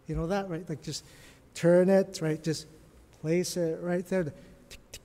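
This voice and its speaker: A man preaching a sermon as pastor, dropping to hushed whispers and then rising to loud, emphatic bursts. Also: sits high, flat delivery, a little slow. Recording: long reverb of a large hall.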